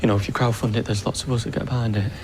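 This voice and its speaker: An actor playing a nosy, awkward middle-aged shop clerk who rambles and hesitates. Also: male voice, fairly low pitch, steady tone, very fast, noisy background, close to an everyday voice. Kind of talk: TV drama acting.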